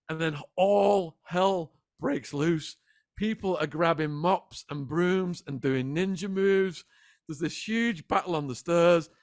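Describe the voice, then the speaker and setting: Man, interview guest, animated storytelling, fairly high pitch, dry recording. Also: no room sound. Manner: animated, dramatic retelling. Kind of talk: vivid storytelling in a sit-down interview.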